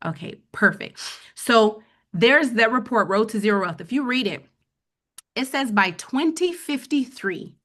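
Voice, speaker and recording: A woman's voice: a little high, lively intonation, a little slow, a bit bright. Woman host for a live money webinar, casual, keeps asking "okay?" to check in with viewers. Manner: conversational, checks in with the audience with frequent "okay?". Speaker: webinar host teaching personal finance.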